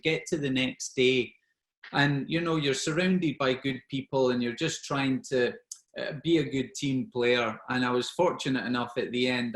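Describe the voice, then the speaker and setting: Man telling animated war stories. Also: medium pitch, echoey room. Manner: animated, acts out dialogue in his anecdotes. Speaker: guest speaker, former special forces soldier. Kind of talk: anecdotal storytelling at an online networking event.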